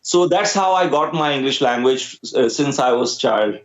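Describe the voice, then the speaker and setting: A man's voice: medium pitch, animated, normal speed, echoey room, highs cut off. A young man from Pakistan with a Pakistani accent, an Urdu speaker, talking as a guest musician in a casual interview, hesitant with many fillers. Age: young adult.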